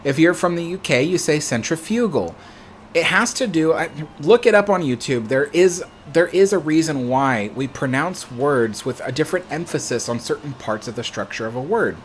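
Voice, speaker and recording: A man's voice: on the high side, expressive, moderate pace, hardly any pauses, slight background noise. An American man hosting a livestream, chatting casually and answering viewer comments in a rambling, self-correcting way. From United States. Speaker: livestream host.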